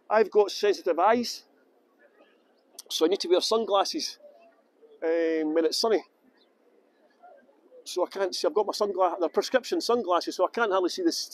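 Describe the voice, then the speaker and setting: A Scottish man working as a tour guide, chatting casually and rambling on a phone livestream outdoors in the sun. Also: sits high. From Scotland. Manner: rambling, chatty, answers viewer questions with fillers. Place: outdoors in sunny town streets. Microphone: phone held by hand.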